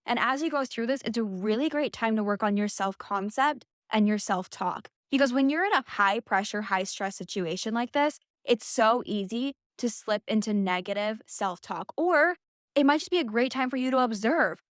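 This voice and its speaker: A woman's voice: fairly high pitch, lively intonation, moderate pace, no room sound, clean studio sound. A young woman vlogging, giving blunt, emphatic motivational talk and swearing freely. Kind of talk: casual motivational talk to camera.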